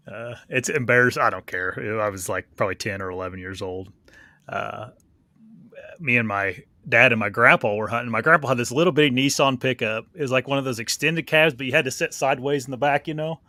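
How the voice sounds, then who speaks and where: A young man co-hosting a podcast, telling a rambling story in a relaxed way with lots of fillers. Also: mid-range voice, fairly quick, no room sound. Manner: laid-back, rambling, filler-heavy. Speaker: podcast co-host. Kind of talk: casual storytelling chat.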